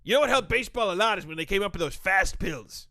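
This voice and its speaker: A cantankerous ancient ballplayer who sounds like a pirate and barks at young whippersnappers. His voice is high, gravelly and harsh. The room is dry, with no echo. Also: lively intonation, quick pace, bright, forceful tone, exaggerated voice. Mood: gruff. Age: older. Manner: grumpy, ranting, barking. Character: cranky ancient baseball veteran, pirate-sounding, cane-thumping. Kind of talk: comedy sketch.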